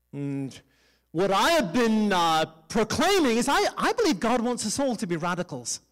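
A man preaching a sermon in a church, leading the congregation in call-and-response with self-deprecating humor. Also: high voice. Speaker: pastor.

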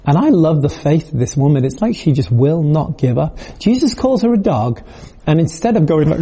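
A man's voice: a little high, very animated, fairly quick, mellow, a little hiss or hum. A man preaching a video sermon in a conversational, storytelling way, acting out quoted voices.

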